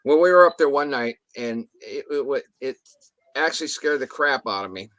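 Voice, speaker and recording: A man's voice: mid-range voice, expressive, moderate pace, fairly bright tone, dry recording. A man telling a story in a casual interview, rambling with restarts and mild swearing, acting out what others said. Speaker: guest telling an encounter story.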